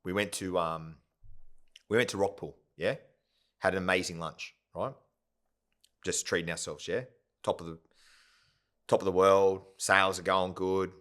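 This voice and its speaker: Guest spot: man, low voice, rambling storyteller, keeps checking in with the listener. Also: steady tone, measured pace, pauses often, a bit bright, smooth. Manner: rambling, full of "yeah?" and "right?" tags. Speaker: podcast guest, company founder. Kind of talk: casual storytelling interview.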